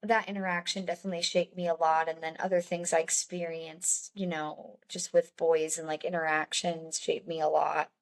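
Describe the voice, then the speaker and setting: A woman's voice: low-pitched, little pitch movement, moderate pace, hardly any pauses. Young woman guest, candid storyteller, chatty with small laughs. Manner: chatty, many "like"s, laughs between lines.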